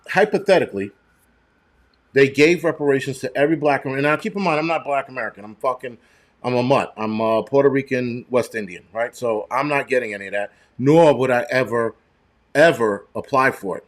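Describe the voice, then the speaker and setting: A middle-aged man on a live stream with a medium-pitched voice that sits right in the middle for a man. He swears freely and breaks into heated rants. He rambles loosely and often stumbles and restarts his sentences. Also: a little fast. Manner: profane, heated ranting. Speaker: show host.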